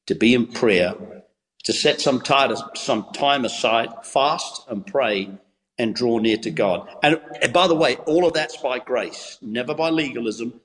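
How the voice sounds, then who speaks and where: A man's voice: mid-range voice, long reverb tail, low-quality recording. A man, an English pastor and evangelist, giving a devotional on a Christian TV show in a preacherly, rhythmic style with repeated phrases. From England.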